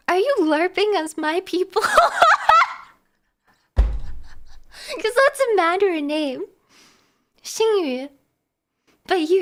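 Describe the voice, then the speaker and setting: Super high-pitched young woman streamer, giggly, keeps tripping over her words. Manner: giggly, animated, talks fast with many restarts. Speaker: live streamer. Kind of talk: casual chat with stream viewers.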